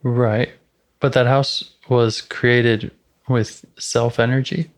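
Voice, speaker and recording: Therapist, calm, gentle questions, short affirmations, mid pitch, video call. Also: slow pace. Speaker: IFS therapist. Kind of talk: therapy session guidance.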